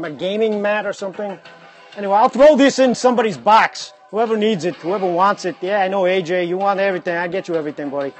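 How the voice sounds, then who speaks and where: A man hosting a casual livestream, excitedly exclaiming over items as he unboxes them on a phone mic. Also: high-pitched. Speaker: livestream host.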